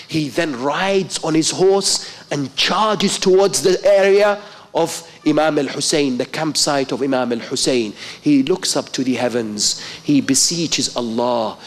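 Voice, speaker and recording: A man's voice: fairly high pitch, a little slow. A male preacher giving a sermon, telling a story with impassioned, rising emphasis. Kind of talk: mourning-night sermon.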